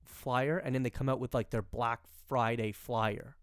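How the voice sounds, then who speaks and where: A man's voice: mid-range voice, fairly even intonation, a little slow, smooth, no room sound, studio quality. Rambling young man telling a story. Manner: rambling, restarts, acts out quoted people. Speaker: podcast co-host. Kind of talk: casual storytelling chat.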